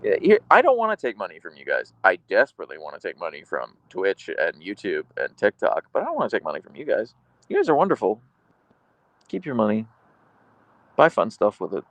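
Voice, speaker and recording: Gravelly, wry man streaming from a phone. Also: low-pitched, very animated, brisk, no echo. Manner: wry, rambling, reads chat aloud. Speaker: live streamer. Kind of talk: casual live-stream chat. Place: outdoor couch on a deck.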